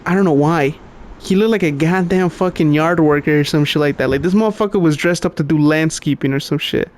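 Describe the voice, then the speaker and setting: A man's voice: on the high side, fairly quick. A young man co-hosting a podcast, telling a long story in casual chat, swearing constantly and laughing often. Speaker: podcast co-host.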